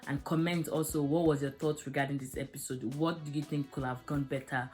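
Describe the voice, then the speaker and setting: A woman's voice: low voice, steady tone, fairly quick, a little mellow, faint music behind. A young woman reviewing a drama episode, talking frankly and emotionally with many fillers. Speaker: series reviewer. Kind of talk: casual video review.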